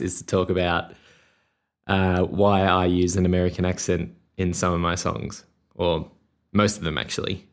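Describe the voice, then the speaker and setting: Deep-voiced Australian man, rambling. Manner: rambling, relaxed, many fillers and restarts. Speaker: podcast host and musician. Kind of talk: casual solo podcast monologue.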